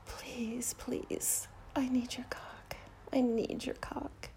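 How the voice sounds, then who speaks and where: A woman speaking in a whispered role-play, breathing her words softly and intimately between quiet murmurs. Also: on the high side, level tone, takes it slowly, vocal fry.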